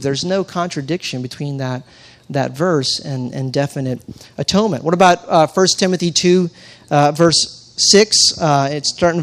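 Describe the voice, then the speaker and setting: A man preaching a teaching sermon, talking conversationally with frequent restarts and reading scripture with dramatic emphasis. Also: a little high. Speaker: pastor.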